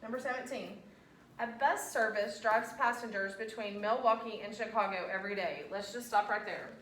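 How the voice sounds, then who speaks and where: Animated woman teaching a class. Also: mid-range voice, moderate pace, a little hiss or hum. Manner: animated, coaxing, quizzing students with questions. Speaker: elementary school teacher. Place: classroom, indoors. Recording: echoey classroom from far off.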